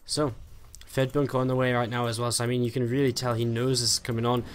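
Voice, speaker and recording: A male esports caster calls a live strategy match over a headset mic, his words tumbling out quickly at a mid-range pitch. His play-by-play is peppered with "uh" and "I mean" fillers, with faint ambience underneath. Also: little pitch movement, slight background noise. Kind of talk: live game commentary.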